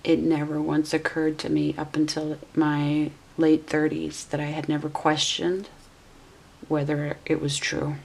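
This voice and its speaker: A woman's voice: deep voice, completely flat delivery, a little slow, vocal fry, darkish tone. A woman in her forties giving a casual tarot reading, musing aloud and correcting herself as she goes. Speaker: tarot reader.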